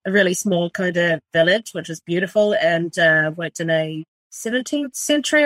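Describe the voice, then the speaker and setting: A middle-aged New Zealand woman with a lowish voice talks about her life as a chef in a loose, rambling interview manner, swearing freely and leaning on fillers. The recording is dry and close, with no room sound. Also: unhurried, fairly bright tone, no echo. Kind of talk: casual interview.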